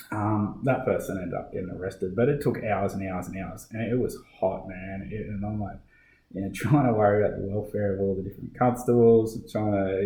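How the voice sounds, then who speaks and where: A middle-aged Australian man recounts his police work in a loose, conversational way, stacking fillers and restarting sentences as he goes. His voice sits on the lower side, and the room gives it a noticeable echo. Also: warm tone. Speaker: guest, police officer. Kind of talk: casual podcast interview.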